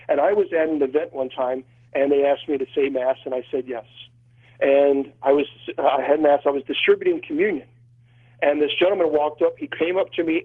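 Husky priest on a tinny phone line. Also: male voice, fairly high pitch. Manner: earnest and emotional, with frequent restarts. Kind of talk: telling a personal story in an interview. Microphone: phone call.

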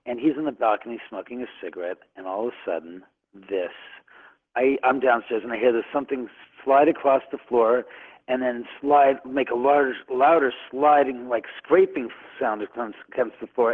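A man's voice: mid-range voice, normal speed. A man telling a long, rambling personal story as a radio guest, often stammering and repeating words. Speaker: guest on a call-in radio show. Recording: tinny phone line.

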